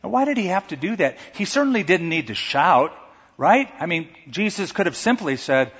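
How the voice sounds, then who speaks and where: A man preaching a sermon as pastor, animated, shouting out quoted lines. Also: sits high, moderate pace, husky. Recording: dull recording in a reverberant hall.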